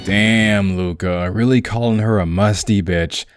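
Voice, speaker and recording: A man's voice: on the low side, unhurried, over music. A young man hosting a comedic game retrospective, with a sarcastic, irreverent and profane manner. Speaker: video essay host.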